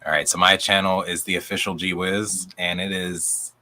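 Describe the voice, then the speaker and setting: A man's voice: sits low, level tone, normal speed, pushed and bright. A man, a coach, chatting enthusiastically on a group video call, his voice going out. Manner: upbeat, enthusiastic, rambling with restarts. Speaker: coach, channel guest.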